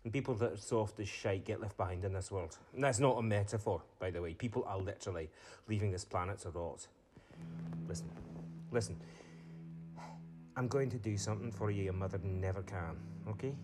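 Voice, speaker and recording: Male actor as a cruel father: lowish voice, taunting, menacing. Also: fairly quick, a little mellow, slight background noise, natural voice. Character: cruel bullying father, middle-aged man.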